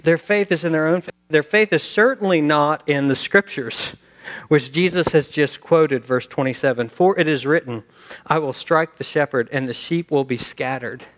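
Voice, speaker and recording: Male preacher, somewhat high voice, lively sermon delivery with dramatized quotes. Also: moderate pace. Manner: animated, acts out quotes, sings hymn lines. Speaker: pastor.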